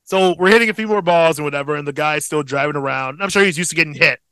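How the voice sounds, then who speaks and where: High-voiced, bright-toned young man telling stories. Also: quick pace, clean tone, dry recording. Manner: profane, rambling, animated storyteller. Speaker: podcast co-host. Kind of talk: casual storytelling chat.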